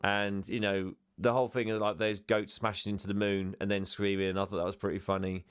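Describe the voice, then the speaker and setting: A man's voice: lowish voice, little pitch movement, a little fast, clear, resonant tone. A man co-hosting a podcast, talking casually and often trailing off or restarting. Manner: meandering, trailing off, stammering restarts. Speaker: podcast co-host. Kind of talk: casual chat.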